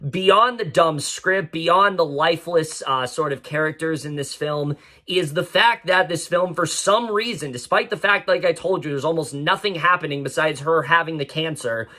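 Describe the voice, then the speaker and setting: Young male film reviewer, slightly high, bright voice, frank and exasperated. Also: moderate pace. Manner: frank and exasperated, with frequent fillers and restarts. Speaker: movie reviewer. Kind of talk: casual spoken film review.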